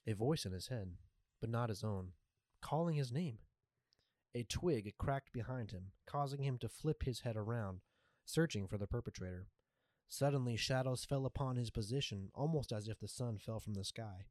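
A man reading a story aloud in a measured, even way. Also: medium pitch, dry recording. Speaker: narrator. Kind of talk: scripted story narration.

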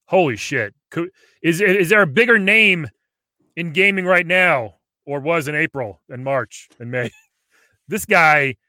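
A man hosting a comedy podcast, excitable and joking, laughing often, on a close mic. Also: medium pitch, dry recording. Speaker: podcast host.

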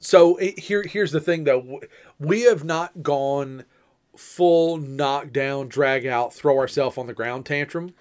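Man, fairly high voice, measured casual talk, dry wit. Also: darkish tone. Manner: measured, explains point by point, dry humor. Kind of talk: casual chat about parenting.

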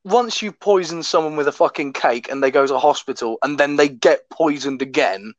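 A man's voice: a little high, moderate pace, dry recording. A man from Oklahoma co-hosting a casual true-crime chat, sweary and often laughing. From Oklahoma, USA. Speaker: podcast co-host. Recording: dull, dry sound.

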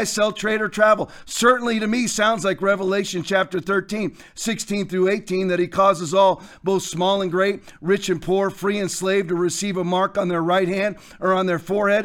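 A man hosting a show, preaching commentary in a forceful, hectoring way with repeated phrases. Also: high-pitched. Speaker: host.

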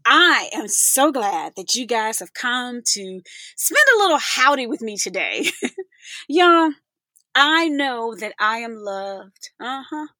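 A woman hosts her podcast in an effusive, chatty way, with laughter scattered through her talk. Her voice sits a little high and rings bright. The recording is close and dry. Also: animated, unhurried, no echo. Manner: effusive, laughing, calls listeners y'all. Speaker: podcast host. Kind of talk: casual podcast chat.

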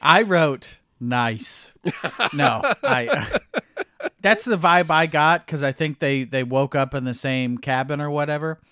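A man's voice: fairly high pitch, takes it slowly, sharp tone, clear, resonant tone, no room sound, clean studio sound. A man from the United States co-hosting a film podcast, talking in a rambling, hesitant casual way. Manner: rambling, hesitant restarts, laughs easily. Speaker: podcast co-host. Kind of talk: casual chat.

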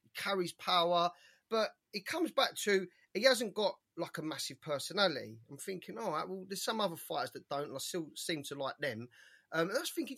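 A young man, co-hosting a casual boxing chat, animated and opinionated, rattling off fighters' names. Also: high-pitched, a little fast, slightly rough. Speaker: boxing podcast co-host.

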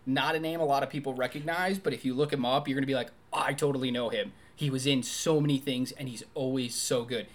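A podcast co-host chatting about a movie with lots of energy and enthusiasm. The delivery is animated and full of quick asides, the easy back-and-forth of a casual review show. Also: mid-range voice.

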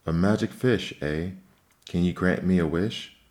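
A man's voice: low voice, measured pace, darkish tone. A man voicing a greedy, demanding fisherman's wife in a storybook reading. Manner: demanding, bossy.

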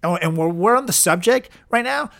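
A man hosting a comedy podcast, scolding and exasperated, with sudden shrill outbursts. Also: animated, brisk, creaky, a bit bright. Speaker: podcast host. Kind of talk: mock interview comedy.

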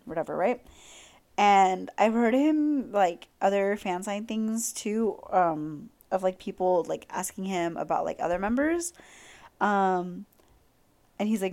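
A young woman hosting a podcast, chatting casually in a gushing, excitable way with lots of fillers. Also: medium pitch, measured pace. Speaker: podcast host. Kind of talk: casual chat.

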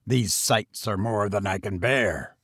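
A man's voice: mid-range voice, sing-song, takes it slowly, gravelly, a bit bright, breathy edge, no room sound, clean studio sound, full character voice. A man voicing a mournful, gibbering male fiend who was once a merciless mortal, pleading in archaic speech in a storybook reading.

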